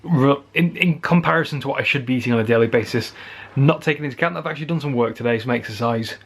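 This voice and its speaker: A man's voice: mid-range voice, racing, breathy edge. A tired man from England chatting casually to the camera at home in a daily vlog, wry and self-teasing. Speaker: vlogger.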